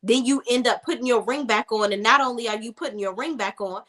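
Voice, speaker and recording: A woman's voice: a little high, fast, a bit bright. A young woman recapping a TV episode in a casual, sassy, emphatic way, repeating words for emphasis. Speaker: TV show reviewer.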